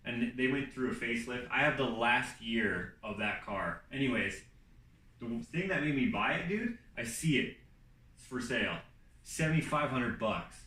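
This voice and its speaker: A man co-hosting a casual talk show, telling his side of a story in a relaxed, chatty way and adding background detail. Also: medium pitch, moderate pace, echoey room, far from the mic, low-quality recording. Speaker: co-host.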